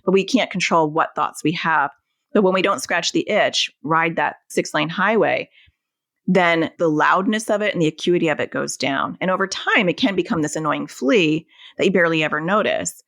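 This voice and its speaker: A woman's voice: lowish voice, moderate pace, a bit bright, no room sound, studio quality. A woman therapist, a guest on an interview podcast, explaining things and illustrating them with everyday family examples. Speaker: anxiety and OCD therapist, guest.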